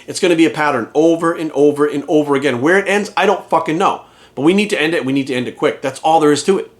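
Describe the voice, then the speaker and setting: Man, fairly high voice, angry rant, swears constantly, repeats phrases for emphasis, fitness coach. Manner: heated, profane, emphatic, repeats phrases for force. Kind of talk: ranting monologue to camera.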